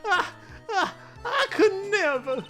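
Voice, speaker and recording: A woman's voice: extremely high pitch, very animated, slow pace, fairly bright tone, soft background music, pitched above the performer's own voice, heavily acted. A woman voicing a pampered young male magician with a put-on Southern drawl, pleading and near tears. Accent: put-on American Southern. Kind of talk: voice acting over a game.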